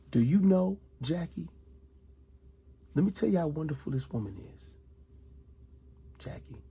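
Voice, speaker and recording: Middle-aged man, very husky gravelly voice, dark tone, heated accusing monologue, loud then hushed. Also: on the high side, expressive, measured pace, pauses often. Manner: accusatory, repeats himself, swings between loud and hushed. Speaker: retired soldier vlogger. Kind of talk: heated monologue addressed to one person.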